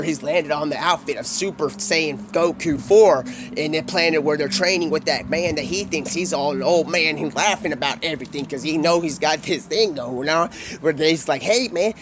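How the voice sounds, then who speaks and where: A man with a fairly high voice rambles through a wild improvised story on a live stream. He strings one idea into the next in loose, slangy, stream-of-consciousness talk, with faint noise underneath. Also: fairly bright tone.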